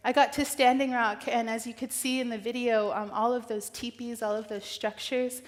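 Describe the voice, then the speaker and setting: Woman, from northern New Mexico, keynote speaker, earnest and emotional, halting with fillers, long hall reverb. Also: fairly high pitch, little pitch movement. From northern New Mexico, US Southwest. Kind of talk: personal keynote talk. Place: large event hall.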